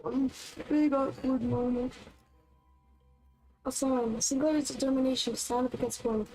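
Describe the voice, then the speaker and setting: A woman's voice: high voice, steady tone, a little slow, darkish tone, soft background music, rough recording. A woman streaming a game in casual commentary, reading the on-screen text aloud between chatty reactions.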